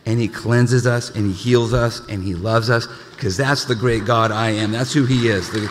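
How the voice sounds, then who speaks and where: A male pastor preaching a sermon, animated, with frequent stammered restarts and joking asides. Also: mid-range voice, moderate pace, a faint crowd, slight background noise. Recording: reverberant hall.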